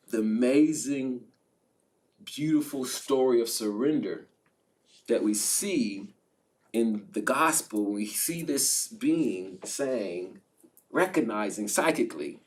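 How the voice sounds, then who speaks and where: Man, lively slangy storyteller, mid pitch, distant mic. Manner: lively retelling, slangy and laughing. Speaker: spiritual advisor guest. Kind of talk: animated storytelling in casual chat.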